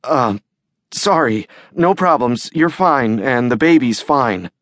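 A man's voice: mid-range voice, expressive, slow, a bit bright, no echo, studio quality. A man voicing a flustered young doctor. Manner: flustered, stammering. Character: anxious young male doctor. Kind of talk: audiobook character voice.

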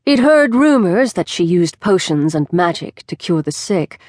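Lowish, dry-voiced woman narrating a novel. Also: no echo. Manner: measured, expressive storytelling. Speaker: audiobook narrator. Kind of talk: scripted narration. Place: recording studio. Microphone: close studio mic.

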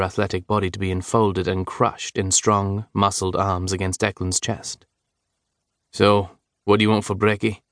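A man reads an audiobook in a calm, steady storytelling voice. His voice sits a little low. The recording is dry and close, with no room sound. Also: no room sound. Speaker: audiobook narrator. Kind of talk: scripted narration.

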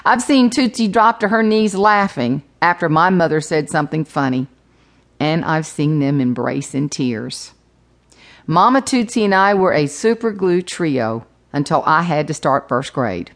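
A woman narrating her own memoir audiobook, humorous with playful emphasis. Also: low voice.

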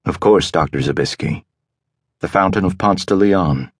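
A calm, commanding tycoon, as a narrator plays him, speaking quietly in a very low, deep voice. Each line comes out soft and unhurried. The sound is dry and close. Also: male voice, no room sound. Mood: calm, arrogant. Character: rich powerful man, calm and commanding.

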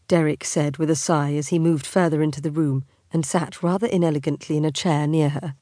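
A woman narrating an audiobook in a measured, wry manner. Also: deep voice, steady tone, mellow, dry recording, studio quality. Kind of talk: scripted narration.

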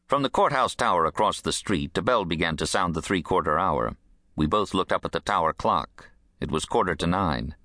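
A man narrating an audiobook in a crisp, dry, expressive manner. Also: deep voice, normal speed, no room sound.

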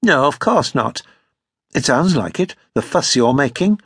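Guy doing a snippy jealous young woman, husky and lively, storybook reading. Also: medium pitch, a little slow, dry recording, studio quality, full character voice. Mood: indignant. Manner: tart and accusing. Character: sharp jealous young woman, quick-tongued.

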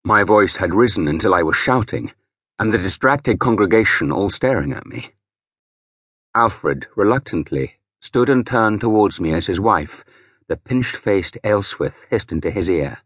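A man's voice: deep voice, lively intonation, normal speed, slightly rough, no echo, clean studio sound. A man narrating a historical novel in the first person with grave, dramatic delivery. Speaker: audiobook narrator.

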